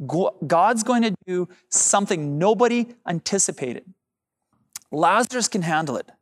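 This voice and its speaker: A man's voice: sits high, animated, normal speed. A man preaching a sermon as pastor, addressing the congregation directly and drawing out key phrases for emphasis.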